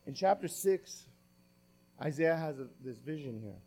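A male pastor with a high, light voice delivers a sermon. He reads scripture with dramatic stress, rising loud on key lines and dropping to near-hushed asides. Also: lively intonation, a little slow, husky. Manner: swings from loud emphatic reading to quiet asides.

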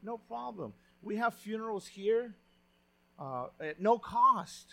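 Man, pastor, sermon, high voice, chatty preaching style with restarts. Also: lively intonation, slow pace, gravelly, pushed and bright. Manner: conversational preaching, with frequent restarts and retelling of stories.

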